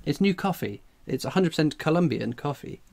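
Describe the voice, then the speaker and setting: A man's voice: fairly high pitch, animated, fairly quick, vocal fry, darkish tone. A man hosting a casual coin-collecting livestream. He reads chat messages aloud and rambles in a jokey way, jittery from strong coffee. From England.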